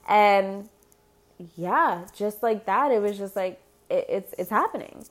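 A woman's voice: medium pitch, expressive, takes it slowly. A young woman telling her pregnancy story in a candid personal vlog, rambling, laughing often and swearing freely. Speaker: expectant mother.

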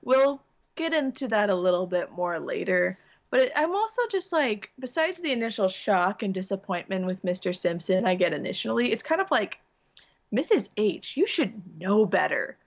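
A woman appearing as a podcast guest, calmly reasoning through points about a TV episode. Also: mid-range voice, moderate pace. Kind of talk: casual chat recapping a TV episode. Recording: dull, muffled mic.

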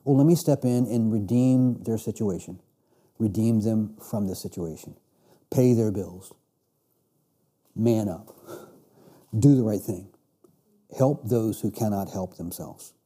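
A middle-aged man leads a Bible lesson, reading passages and then explaining them in a loose, emphatic way. His voice is very dark and mellow, with a husky edge. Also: lowish voice, slow pace, long pauses. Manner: reads scripture then explains with emphatic restarts. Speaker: Bible teacher. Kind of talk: classroom Bible lecture.

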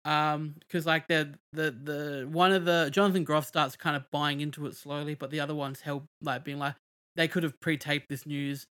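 A man's voice: fairly high pitch, flat delivery, normal speed, hardly any pauses, sharp tone, clear, resonant tone. A man in casual chat, recapping a film plot in a rambling way full of fillers and restarts. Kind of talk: casual movie review chat.

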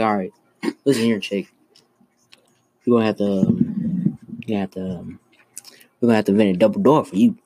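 A young man telling jokes in casual slang, loud and animated, teasing his friends. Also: fairly low pitch, breathy edge, poor audio. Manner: loud, animated storytelling with slangy trash talk. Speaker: joke teller.

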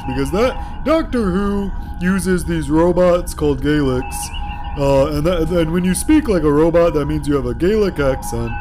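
A man hosting a comedy podcast, rambling through tangents and stumbling over repeated words. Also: fairly high pitch. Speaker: podcast host.

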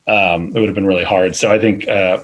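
A man's voice: deep voice, fairly even intonation, brisk, rough recording. A man, a film editor, talking casually in an interview, rambling with many fillers and restarts. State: parent of two little kids.

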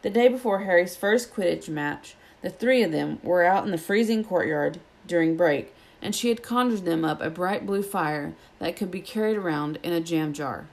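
Lowish woman reading a storybook aloud. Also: moderate pace, hardly any pauses. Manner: steady, even storytelling. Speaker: audiobook reader. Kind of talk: reading a children's novel aloud.

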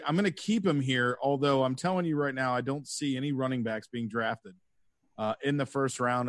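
A man's voice: medium pitch, a bit bright, no echo, clean studio sound. A man on a casual sports panel who talks playfully and throws in jokey nicknames.

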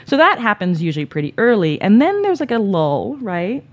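In a muffled recording, a woman of medium pitch tells a comic personal anecdote at a normal pace. She keeps it animated and conversational, with lots of "like," frequent "right?" tags, and laughter in between.

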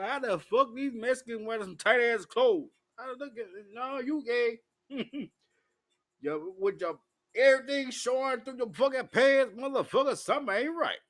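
Tipsy man, animated and high. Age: 40s. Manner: profane, rowdy, loose storytelling. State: intoxicated. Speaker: live-stream host. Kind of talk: rambling live-stream monologue.

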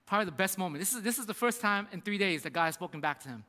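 A pastor preaches with a high, ringing voice, telling the story with lively acted-out voices. His sound carries a long reverb from a large hall. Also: racing. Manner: animated storytelling, acting out voices in quotes. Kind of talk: sermon.

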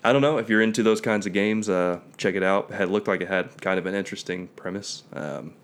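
A man co-hosts a casual talk show about video games, easygoing and hedging as he thinks out loud. He has a deep voice and talks fast.

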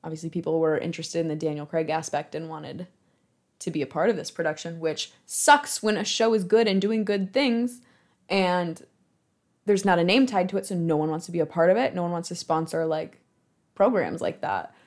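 A woman's voice: lowish voice, normal speed, darkish tone. Chatty young woman from Michigan. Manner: chatty, rambling, lots of fillers, laughs at herself. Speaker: theater marketing worker. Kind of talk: casual storytelling monologue.

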